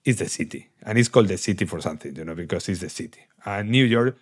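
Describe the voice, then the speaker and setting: A low-pitched man with a Spanish accent chats on a podcast. He talks in animated bursts, laughs often and repeats words as he hunts for the next one. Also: fast talker, slightly rough. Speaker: podcast co-host. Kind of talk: casual chat.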